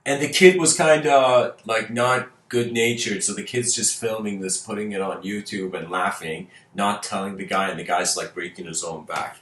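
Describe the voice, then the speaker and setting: A man's voice: on the low side, steady tone, normal speed, few pauses, fairly bright tone, echoey room. A man whose first language is Persian, talking casually to viewers, rambling through fables with frequent laughs and restarted words.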